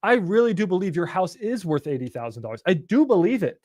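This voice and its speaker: Animated, high-voiced man coaching. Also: fast, no echo, studio quality. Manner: animated, profane, acts out phone calls. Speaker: real estate investing coach. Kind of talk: casual coaching talk.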